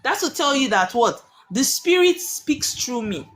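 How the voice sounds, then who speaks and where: A woman's voice: high-pitched, very animated, a little slow. A woman, hosting a live stream and teaching with emphatic rhetorical questions that she answers herself.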